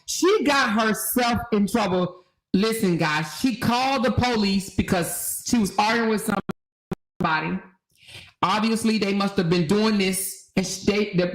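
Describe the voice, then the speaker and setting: A woman hosting casual commentary, talking in an animated, slangy way and laughing often. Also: mid-range voice, low-quality recording. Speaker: host.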